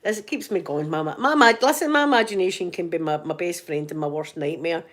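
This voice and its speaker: A woman's voice: lowish voice, fast talker. A Scottish woman hosting an ASMR channel, chatting casually with live viewers in a giggly, joking, rambling way.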